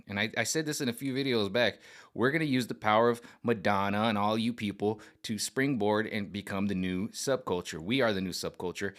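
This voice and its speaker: A man's voice: on the low side, fairly bright tone. A man vlogging in a casual, rambling monologue, talking in slang, repeating himself and restarting sentences.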